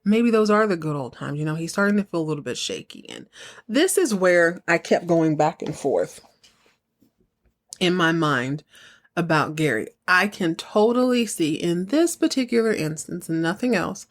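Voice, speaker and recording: A woman with a Southern US accent hosting a podcast, recapping a TV episode in a casual, animated way and acting out characters' lines. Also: on the low side, normal speed. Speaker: podcast host.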